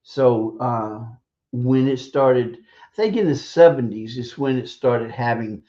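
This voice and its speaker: A man in a mid-range voice delivers blunt, scornful radio commentary, cursing freely and pausing often as he gathers his thoughts. The stream audio is dull and lo-fi. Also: medium pitch, expressive, dark tone. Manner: hesitant, halting delivery with drawn-out pauses. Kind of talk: opinion commentary.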